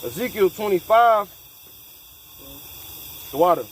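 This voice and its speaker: Animated man preaching with street slang. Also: high voice, slow pace, slight background noise, low-quality recording. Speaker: scripture study leader. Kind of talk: casual Bible study discussion.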